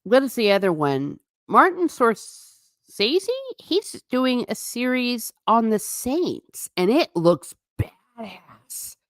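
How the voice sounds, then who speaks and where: A woman's voice: a little high, slow pace, dry recording, clean studio sound. Sarcastic woman hosting a casual livestream. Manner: animated and sarcastic, with blunt asides. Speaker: host. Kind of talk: casual livestream chat, reading viewer comments.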